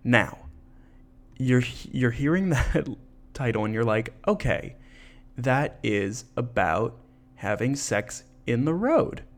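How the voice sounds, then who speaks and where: A man's voice: medium pitch, slow pace. Chatty man hosting a podcast. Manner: chatty, laughing, animated storytelling. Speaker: podcast host. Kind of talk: casual podcast commentary.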